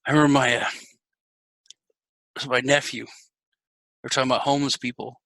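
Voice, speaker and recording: Bright-voiced chatty man. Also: medium pitch, little pitch movement, fairly quick, dry recording. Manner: rambling, chatty anecdotes. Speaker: podcast host. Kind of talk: casual chat.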